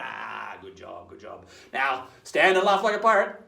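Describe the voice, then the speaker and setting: Lively gravelly man storytelling. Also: mid-range voice, normal speed. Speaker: children's pirate-themed presenter. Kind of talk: storytelling lesson for kids in pirate character. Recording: roomy echo.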